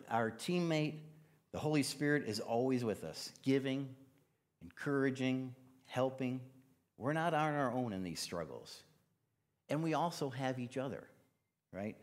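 A man's voice: mid-range voice, animated, measured pace. A man preaching a casual, conversational sermon in church, using plenty of fillers. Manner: casual, chatty, with many fillers.

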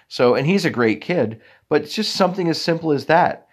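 A man's voice: fairly high pitch, animated, brisk, few pauses, slightly rough. A man in his thirties hosting a podcast, telling a long rambling story about himself in a casual, self-deprecating way. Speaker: podcast host. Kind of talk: casual monologue.

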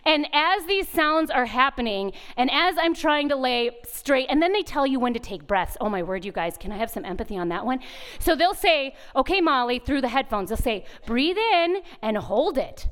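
Woman, high voice, retreat speaker, storytelling sermon, animated, acts out sounds. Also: normal speed, clear, resonant tone. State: pregnant at the time, not now.

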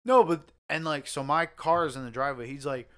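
A man telling a story among friends in casual podcast chat, animated and swearing, getting loud at the tense parts. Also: on the high side, a little fast, clear, resonant tone. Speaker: podcast co-host.

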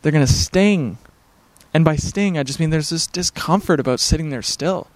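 A man's voice: fairly high pitch, moderate pace, dry recording. A man in a casual vlog, talking to camera at home near his backyard, rambling in an earnest, laid-back, spiritual way with many fillers. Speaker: vlogger.

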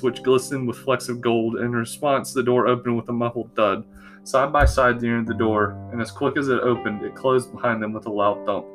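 A man reading a fantasy story aloud in a slow, measured storybook narration. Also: medium pitch. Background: soft guitar music.

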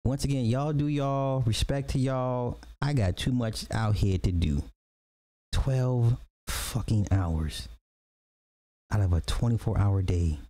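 A man's voice: mid-range voice, slow pace, mellow. A man hosting a casual livestream podcast, talking animatedly in slangy chat, laughing often and repeating himself. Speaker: podcast host.

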